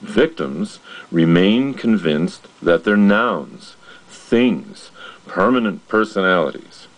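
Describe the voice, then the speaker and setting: A man giving an earnest, measured motivational narration about personality and change. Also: sits low, lively intonation, poor audio.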